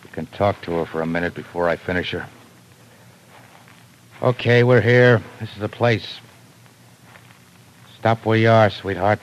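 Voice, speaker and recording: A man's voice: lowish voice, a little slow, long pauses, dull audio, a little hiss or hum, natural voice. An actor playing a blunt, tough hired gunman, in 1940s radio acting. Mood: gruff. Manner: blunt tough-guy talk. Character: gruff hired gunman, tough but wary.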